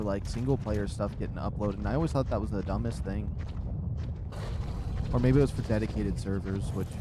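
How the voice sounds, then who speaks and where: A man talks his way through a live game stream in a relaxed, rambling way. He sounds a little short of breath and chuckles to himself now and then. Faint background noise sits behind his voice. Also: medium pitch. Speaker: livestream gamer. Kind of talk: casual gameplay commentary. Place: his room.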